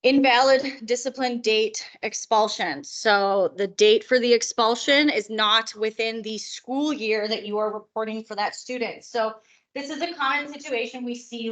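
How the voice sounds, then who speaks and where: Hoarse woman giving a conference talk. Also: a little high, fairly bright tone. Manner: chatty, explaining, joking asides. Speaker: presenter. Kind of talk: conference presentation. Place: conference room.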